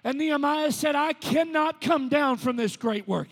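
A man, a pastor, preaching a sermon. He talks plainly at times and builds to loud, rhythmic preaching at others. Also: extremely high pitch, normal speed, in a large hall.

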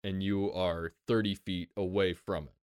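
Laid-back low-voiced man as game master. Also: level tone, normal speed, darkish tone, smooth, no room sound, studio quality. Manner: laid-back, laughs often, casual swearing. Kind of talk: narrating a tabletop game.

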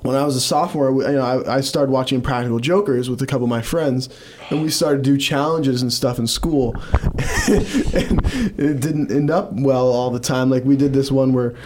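A man's voice: medium pitch, steady tone, moderate pace, background noise. A young man, a comedian guest on a podcast, telling stories in a rambling way full of fillers. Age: young adult. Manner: rambling storyteller, filler-heavy "like". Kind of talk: casual chat.

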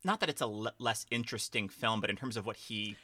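A man's voice: fairly low pitch, quick pace, a crowd in the background. A man co-hosting a casual film podcast, rambling with lots of fillers and restarts. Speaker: podcast co-host.

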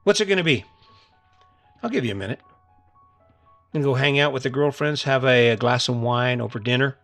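A man's voice: mid-range voice, brisk, fairly bright tone, dry recording, faint music behind. Earnest middle-aged man, dry close mic. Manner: earnest, coaxing, repeats challenges. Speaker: podcast host. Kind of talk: motivational monologue.

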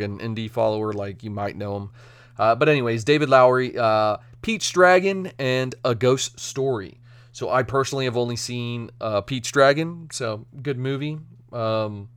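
Man, podcast host, mid-pitched voice, dry close sound, casual solo review, energetic, jokey accents. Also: clean tone, no echo. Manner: chatty and energetic, slipping into silly joke accents.

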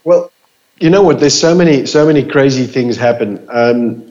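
A man's voice: medium pitch, moderate pace, darkish tone. A man answering interview questions casually, hesitant with many fillers and restarts, heard over a remote call. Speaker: guest, crew member of a reality show. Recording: dull lo-fi sound.

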